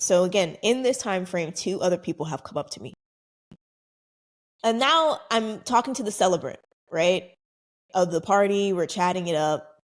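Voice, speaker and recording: A young adult woman hosting her own podcast, telling a story in a casual, chatty way and acting out other people's lines. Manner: chatty, animated, acts out quoted voices higher. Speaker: podcast host.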